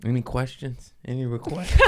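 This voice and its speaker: A man's voice: medium pitch, very noisy. A man hosting a podcast in casual chat, goofy and laughing often, using street slang. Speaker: podcast host.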